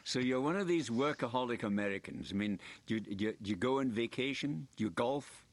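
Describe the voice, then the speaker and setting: A man's voice: medium pitch, expressive, brisk, dry recording. An older man hosting a radio interview, asking long, probing, multi-part questions. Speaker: radio host.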